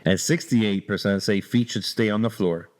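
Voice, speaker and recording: Man, podcast co-host, lowish voice, laid-back and slangy. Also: normal speed. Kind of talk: casual chat.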